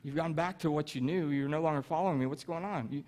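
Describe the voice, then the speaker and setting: A preacher putting on Jesus as a patient, caring man who keeps asking the same earnest question in a hushed, lowered voice. The voice stays fairly high for a man, and the delivery is conversational rather than grand. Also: quick pace, natural voice. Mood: gently pressing. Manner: soft, earnest, repeated questioning. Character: Jesus, a patient man pressing his friend.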